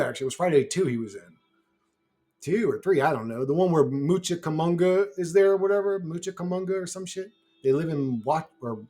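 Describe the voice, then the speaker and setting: Brash, profane man ranting with soft music. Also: medium pitch. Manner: brash, profane, laughs often. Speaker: YouTuber. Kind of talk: rambling solo monologue.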